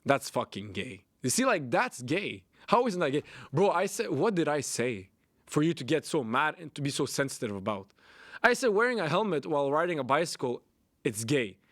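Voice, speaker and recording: A man's voice: on the high side, big pitch swings, fairly quick, fairly bright tone, dry recording, clean studio sound. A young man hosting a solo podcast, ranting bluntly with lots of swearing and repetition. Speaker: podcast host. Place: Canada.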